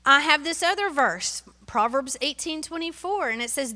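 Bright high-voiced woman preaching in a hall. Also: normal speed. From Tennessee. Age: middle-aged. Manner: animated and emotional, dropping to hushed asides. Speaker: speaker giving a testimony. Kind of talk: sermon-style personal testimony.

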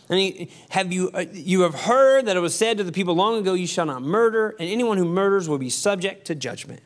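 A man preaching a sermon as pastor, conversational with quick asides and emphatic repetition. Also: sits high, animated.

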